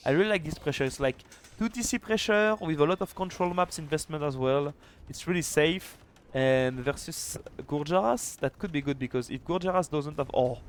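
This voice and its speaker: A man casting a live strategy game match, chatty and excitable, with quick restarts. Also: on the high side, slight background noise. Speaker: esports caster and streamer. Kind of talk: live video game commentary.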